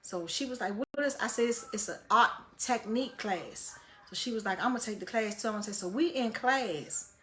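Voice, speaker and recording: A woman vlogger telling a story in a blunt, profane, casual way, her loudness swinging up and down with the tale. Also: fairly high pitch, brisk, a little hiss or hum.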